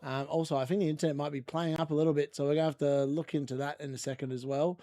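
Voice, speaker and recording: An Australian man hosts a laid-back football watchalong stream, chatting, rambling and poking fun at himself. His voice sits on the high side with a flat, fast, warm delivery. The recording is studio quality with no room sound.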